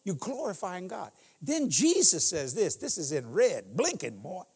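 A man's voice: high-pitched, huge pitch swings, measured pace, darkish tone, breathy edge, big-room sound. A man in his sixties preaching as a guest in a church, telling humorous stories and laughing often. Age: 60s. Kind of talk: sermon.

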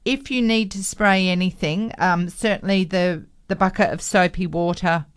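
A woman's voice: lowish voice, fairly even intonation, moderate pace, clear, resonant tone. An Australian woman hosting a radio gardening show, giving enthusiastic practical advice. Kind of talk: casual radio chat. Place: radio studio.

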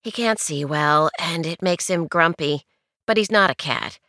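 A woman's voice: low voice, measured pace, pushed and bright, dry recording, studio quality, heavily acted. A woman narrator voicing a wry, weary young woman in an audiobook.

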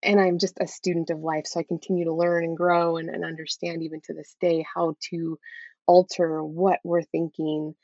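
A woman's voice: sits low, little pitch movement, normal speed, darkish tone, no room sound. A woman in her thirties, a guest in an interview, telling a personal story candidly and often adding "right?". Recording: dull, dry, lo-fi sound.

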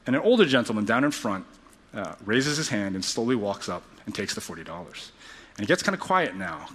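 Pastor, male, bright tone, earnest sermon storyteller. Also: mid-range voice.

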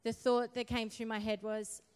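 A woman preaching a sermon and telling her testimony, speaking quietly and subdued through the story, then rising to forceful exhortation. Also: on the high side, level tone, normal speed, clear, resonant tone, big-room sound.

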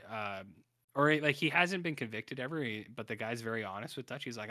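A man's voice: fairly low pitch, normal speed, pushed and bright, no echo, studio quality. A man co-hosting a podcast, casually recapping a TV series with lots of ums, uhs and restarts. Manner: rambling, heavy on fillers and restarts. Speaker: podcast co-host. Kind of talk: casual chat recapping a TV show.

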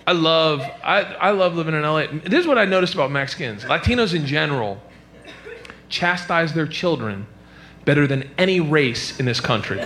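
A man doing a stand-up comedy set, telling stories animatedly and jumping into high squealing character voices. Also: lively intonation, brisk, bright, forceful tone, a little hiss or hum. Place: comedy club stage.

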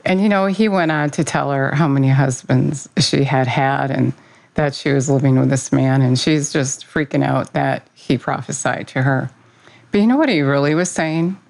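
A woman's voice: a bass voice, moderate pace, gravelly, darkish tone, low-quality recording. A woman giving an informal devotional talk, earnest and conversational, opening with a prayer and speaking about her faith. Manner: earnest, conversational, with fillers and self-corrections.

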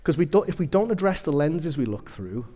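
A man's voice: fairly high pitch, big pitch swings, a little fast, warm tone, big-room sound. A man preaching a sermon, telling humorous personal stories with self-deprecating asides.

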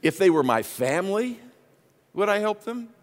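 A man preaching a sermon as the pastor, telling stories with his voice swinging from hushed asides to loud exclaims. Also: high-pitched, very animated, moderate pace.

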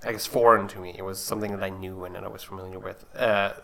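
Bright-voiced laid-back Canadian man. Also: sits low, level tone, quick pace, creaky. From Alberta, Canada. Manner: laid-back, rambling with fillers. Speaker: filmmaker guest. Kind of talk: casual chat.

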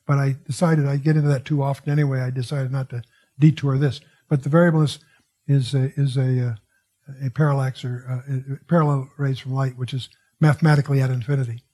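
A man's voice: medium pitch, level tone, quick pace, warm tone. A man giving expository Bible teaching in a digressive, musing way, often breaking off with "wow" and restarting his sentences.

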